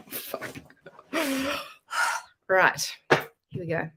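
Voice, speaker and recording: Woman doing tarot readings on a live stream, bright voice, pitched on the low side, super casual and swears a lot. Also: fairly even intonation, very slow, long pauses, slight background noise. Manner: chatty, casual and frank, swearing freely. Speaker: tarot reader.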